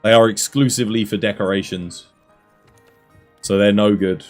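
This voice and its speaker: A man's voice: lowish voice, fairly even intonation, moderate pace, faint music behind. A young Australian man casually chatting on a game stream, laid-back and chatty as he explains tips to viewers. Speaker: streamer and coach. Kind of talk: casual gameplay stream chat.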